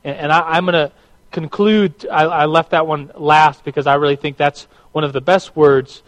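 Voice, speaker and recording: A man's voice: a little high, steady tone, moderate pace, low-quality recording. A man teaching a church class to a live room, conversational and prone to repeating his words.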